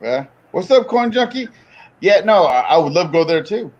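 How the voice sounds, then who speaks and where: A man's voice: high voice, big pitch swings, normal speed. A man joining a stream for a casual chat, laid-back and slangy, throwing in "dude" often. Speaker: guest on a stream. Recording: dull lo-fi sound.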